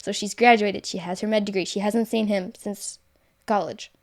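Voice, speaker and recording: A woman's voice: medium pitch, fairly even intonation, normal speed. Rambling young woman telling a story. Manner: rambling, many fillers and self-corrections. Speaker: guest author. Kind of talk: casual storytelling.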